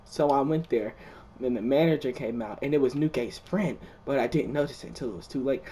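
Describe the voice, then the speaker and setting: A young man casually telling the story of a dream, excitable, swearing often and restarting his sentences. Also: mid-range voice, a little fast, slight background noise. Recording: distant mic.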